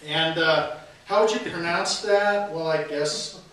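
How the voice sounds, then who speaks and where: Man talking in a booming, echoey hall. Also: a little slow, a bit bright. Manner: rambling, with many fillers and restarts. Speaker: minister giving a talk. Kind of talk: informal sermon with jokes. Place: church meeting hall. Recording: echoey hall, distant mic, faint hiss.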